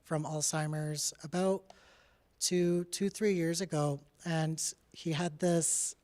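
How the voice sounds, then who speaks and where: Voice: mid-range voice, steady tone, slow, a little mellow. Chatty young adult artist from Canada. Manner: candid and chatty, with frequent "like" and "uh" fillers; laughs now and then while speaking. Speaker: artist giving a talk. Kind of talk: casual presentation about their artwork.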